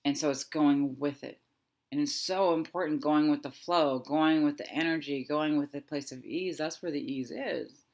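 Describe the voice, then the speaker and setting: A woman in her thirties giving a guided reflective talk as a wellness coach, speaking softly and slowly with thoughtful pauses. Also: deep voice. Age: 30s. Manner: soft, slow and reflective, with pauses.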